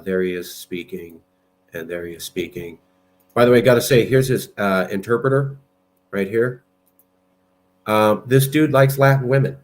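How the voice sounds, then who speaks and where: Low-voiced man, combative political talker, blunt and argumentative. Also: slight background noise. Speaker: political movement president. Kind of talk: political commentary with screen share.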